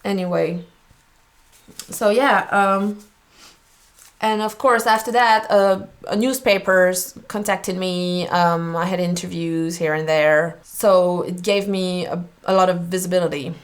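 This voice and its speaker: Young woman talking real slow about a big moment, keeps laughing, kinda choked up. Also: on the low side, fairly even intonation. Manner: slow, halting, laughs often, moved and speechless. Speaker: portrait artist reacting to an old video. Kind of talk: emotional reaction vlog.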